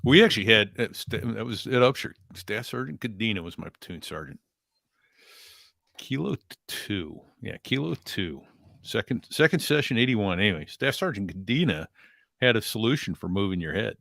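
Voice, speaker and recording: A man in his sixties with a gravelly, creaky voice, chatting as a podcast co-host. He tells stories in a relaxed, matter-of-fact way. The sound is dry and close. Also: fairly low pitch, normal speed, no echo. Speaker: co-host, former Marine. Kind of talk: casual chat.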